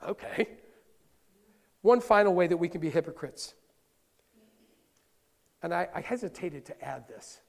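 Speaking in a church sanctuary, this middle-aged pastor has a high, gravelly, expressive voice and a slightly slow pace with frequent pauses. His sermon is conversational and sprinkled with playful asides to the congregation, all wrapped in long hall reverb.

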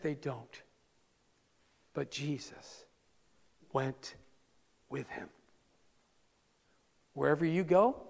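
A man's voice: fairly high pitch, creaky, darkish tone. A man preaching a sermon as pastor, earnest and conversational, talking straight to his congregation. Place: church sanctuary. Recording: long reverb of a large hall.

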